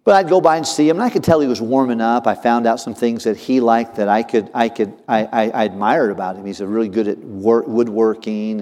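A male pastor telling a personal story in a sermon, earnest and often dropping to a soft low voice. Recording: long hall reverb.

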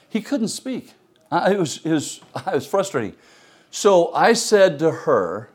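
A middle-aged man preaching to his church, telling stories in a voice that sits a little high for a man. He swings between punchy, loud emphasis and hushed asides. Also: sing-song, unhurried, slightly rough. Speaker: pastor. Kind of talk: storytelling sermon.

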